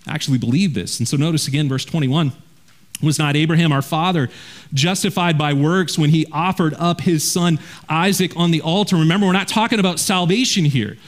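A man preaching a verse-by-verse sermon as a pastor, earnest and direct, often dropping low and quiet to drive a point home. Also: a little fast. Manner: earnest preaching, drops low and quiet for emphasis, repeats words when restarting.

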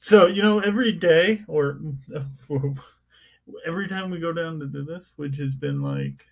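A man's voice: on the high side, moderate pace, vocal fry, slightly rough. Joking man on a lo-fi podcast. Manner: jokey, playful, switches into mock newsreader voice. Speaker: podcast co-host. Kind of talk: casual podcast banter. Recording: dull lo-fi home recording.

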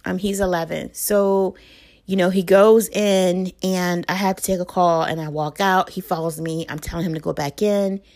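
A woman's voice: on the low side, fairly even intonation, normal speed, a little mellow. A woman in her thirties or forties, a mother talking through parenting advice in a casual, conversational way, with fillers and self-corrections. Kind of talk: casual advice talk to camera.

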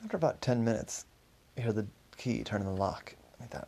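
Gravelly-voiced man telling a story. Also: fairly low pitch, lively intonation, brisk, warm tone. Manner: loose, with restarts and self-corrections. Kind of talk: improvised story narration.

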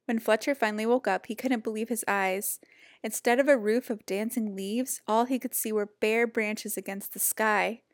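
Gentle woman reading a picture book. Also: a little high, normal speed, no room sound, clean studio sound. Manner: gentle, expressive storytelling. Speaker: storyteller. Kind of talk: children's picture book read-aloud.

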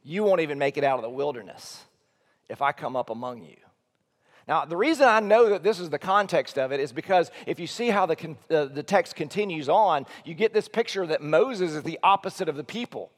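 A man, a teaching pastor, preaching an earnest, emphatic sermon that swings between soft low lines and loud high ones. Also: expressive, a little fast. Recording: long hall reverb.

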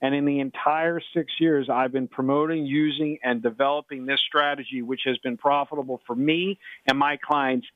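A man's voice: medium pitch, steady tone, normal speed, hardly any pauses, dry recording. Middle-aged man rambling over a phone line. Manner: rambling, repeats himself, many restarts. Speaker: sports betting handicapper, radio guest. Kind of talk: sports radio chat.

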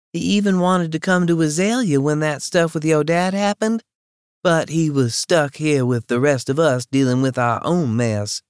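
A man's voice: a little high, clear, resonant tone, dry recording, studio quality, voice pushed up. A man voicing a friendly, teasing young woman who gossips bluntly and freely.

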